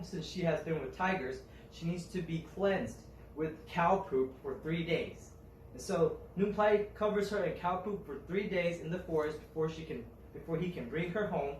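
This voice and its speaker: A young man retelling a folk tale to a group, halting with fillers and restarts. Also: on the high side, darkish tone, a little hiss or hum. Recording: roomy, mic at a distance, faint ambience.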